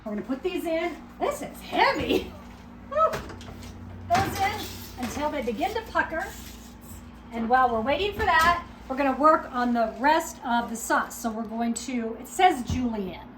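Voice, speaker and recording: A woman with a high voice talks through a recipe in her home kitchen, chatty and quick to poke fun at herself. Dishes and pans clatter clearly behind her as she works. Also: sing-song, fairly bright tone, slight background noise. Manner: chatty, self-mocking, talks to herself while cooking. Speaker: cooking vlogger. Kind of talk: casual cooking video.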